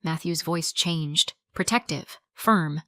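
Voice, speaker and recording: A woman narrating a story in a calm, measured storytelling voice. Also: sits low, dry recording, studio quality.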